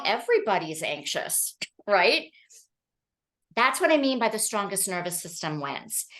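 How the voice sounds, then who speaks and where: A woman giving a training talk to an audience, telling stories in an animated way and often checking in with "okay?" and "right?". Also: mid-range voice. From Colorado.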